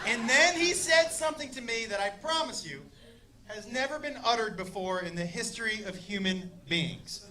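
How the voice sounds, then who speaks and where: A man telling a wild story in a stand-up set, animated and shouting punchlines while voicing the people in it. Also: very high-pitched, normal speed. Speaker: stand-up comedian. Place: comedy club stage before a laughing audience. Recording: live club recording with crowd noise.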